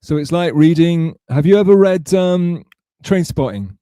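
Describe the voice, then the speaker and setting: Mellow-voiced man chatting on a livestream. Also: on the high side, lively intonation, a little slow, dry recording. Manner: rambling, answers chat messages aloud. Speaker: livestream host reading chat. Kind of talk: casual live-stream chat.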